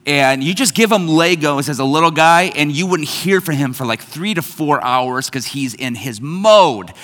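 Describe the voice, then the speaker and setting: A middle-aged man delivers a sermon with animated storytelling, slipping into family voices. His voice sits a bit high and rings bright and forceful. A long reverb from the church hall trails every phrase. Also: moderate pace. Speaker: pastor.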